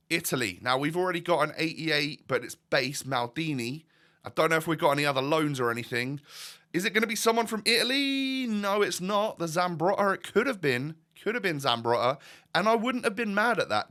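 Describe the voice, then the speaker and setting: A man's voice: mid-range voice, bright, forceful tone. A man giving casual commentary over gameplay as a YouTuber, chatty and thinking aloud while asking viewers questions. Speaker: gaming YouTuber.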